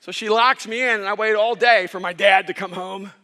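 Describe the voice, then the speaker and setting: Male pastor, sermon, impassioned, very high bright voice. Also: steady tone, a little fast. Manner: impassioned storytelling, rising to near-shouts.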